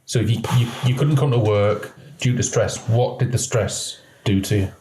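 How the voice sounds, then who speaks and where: A male podcast host asks short, supportive questions with a low voice. His tone is mellow and dark rather than bright. The recording has a noticeable room echo. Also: moderate pace, slight background noise. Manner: brief, supportive prompts. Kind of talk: interviewing.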